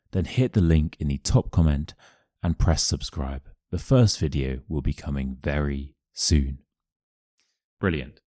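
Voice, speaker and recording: A young man with a Modern RP English accent teaching pronunciation, reading passages slowly and clearly, then chatting casually between them. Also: low-pitched, darkish tone. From England. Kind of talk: pronunciation lesson with read-aloud passages.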